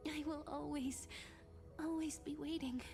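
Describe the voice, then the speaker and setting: An actress voicing a gentle young woman in a game who bids a tender farewell in a soft, breathy whisper, speaking slowly and earnestly. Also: high-pitched, fairly even intonation, music in the background. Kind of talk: game character dialogue.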